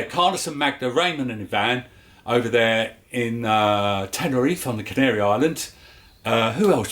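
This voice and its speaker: A man with a London accent hosts a homemade cooking vlog in a relaxed, chatty way. He cracks little jokes and fills gaps with "um" and "uh." His voice sits in an ordinary middle pitch. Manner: chatty and jokey, with filler words. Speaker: cooking show host. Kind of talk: casual home cooking vlog.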